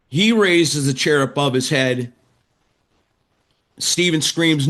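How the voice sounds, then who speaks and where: Slow and pausing often, this man's mid-range, somewhat bright voice swings widely in pitch. As a guest, the wrestling announcer and writer animatedly retells stories in a podcast interview, performing the quoted lines.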